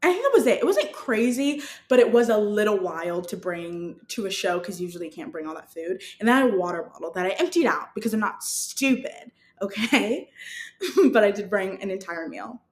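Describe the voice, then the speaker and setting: A woman's voice: mid-range voice, a little fast. Chatty young woman with roomy echo. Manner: chatty, animated, self-mocking, laughs often. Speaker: podcast host. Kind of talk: casual storytelling monologue.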